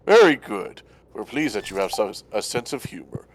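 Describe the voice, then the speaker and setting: Dude voicing an old regal deer spirit thing, slow and grand, kinda menacing, says "we" about itself. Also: male voice, on the low side, big pitch swings. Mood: condescending. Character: ancient archfey in deer form, regal and menacing.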